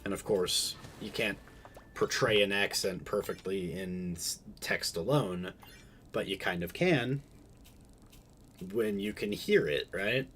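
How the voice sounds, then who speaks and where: A man with a fairly low voice chats casually while he streams a game. He rambles and keeps restarting his sentences, full of fillers and detours. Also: slow, fairly bright tone, slight background noise. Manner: rambling, self-interrupting, many fillers.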